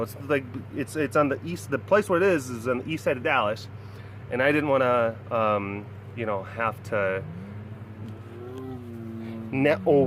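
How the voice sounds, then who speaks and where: A man's voice: mid-range voice, a bit bright, slight background noise. A man hosting his own webcast, telling a story in a casual, rambling way, self-deprecating and laughing often. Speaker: webcast host.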